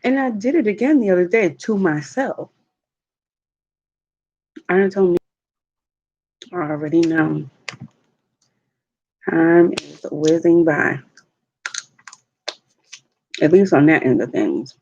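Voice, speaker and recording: A woman, a mother, telling stories in a relaxed, chatty way while eating on a livestream vlog. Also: lowish voice, lo-fi sound, a little hiss or hum. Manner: slow, chatty storytelling with laughs. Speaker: mukbang vlogger. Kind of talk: casual chat while eating. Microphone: livestream mic.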